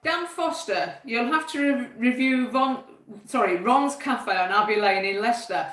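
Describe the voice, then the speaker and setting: A woman's voice: a little high, moderate pace, fairly bright tone, echoey room, poor audio. A woman from the East Midlands co-hosting a live stream, reading out viewer comments in a chatty, matter-of-fact way. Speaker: co-host.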